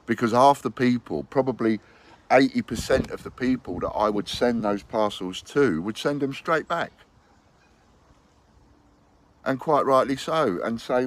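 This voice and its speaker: A man's voice: medium pitch, moderate pace, a little hiss or hum. A man speaking to his investors in an unscripted, blunt and rambling monologue. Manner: blunt and rambling, with hypothetical quotes. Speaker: business owner addressing investors.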